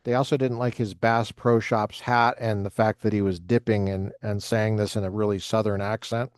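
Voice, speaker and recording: A man's voice: fairly low pitch, steady tone, normal speed, dry recording, studio quality. Man reading aloud with wry asides. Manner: reads passages with joking asides. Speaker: lecturer reading from a history book.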